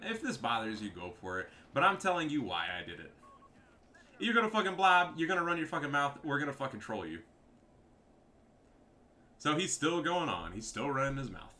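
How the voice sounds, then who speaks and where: A man's voice: medium pitch, sing-song, brisk, pushed and bright, slight background noise. A man giving profane, trash-talking commentary over a strategy game match. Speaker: gameplay commentator.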